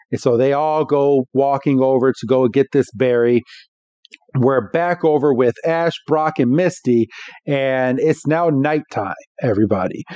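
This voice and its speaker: Male co-host, dark mellow voice, casual recap with character bits, dry muffled audio. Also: medium pitch, dry recording. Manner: animated retelling, acting out characters. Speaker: podcast co-host. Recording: dull, dry podcast audio.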